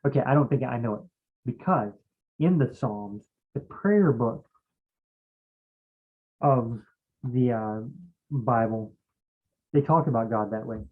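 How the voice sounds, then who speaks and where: A man leading a relaxed Bible study, talking at a middling pitch. He rambles and thinks aloud, pausing to search his memory. The sound is narrow and muffled, like a phone line. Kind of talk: casual Bible study talk.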